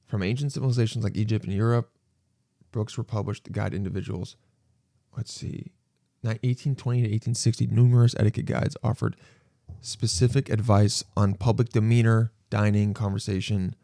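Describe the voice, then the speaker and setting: A man's voice: fairly low pitch, fairly even intonation, fairly quick, vocal fry, mellow, dry recording, studio quality. A young man hosting a solo podcast, rambling and self-mocking as he acts out imagined conversations. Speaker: podcast host.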